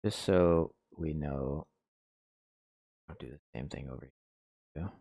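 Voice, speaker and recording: A man's voice: very deep voice, takes it slowly, mellow, no room sound. A man producing music on a stream, thinking aloud in a laid-back, slangy way and muttering half-finished thoughts as he works. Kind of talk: casual thinking-aloud commentary while mixing.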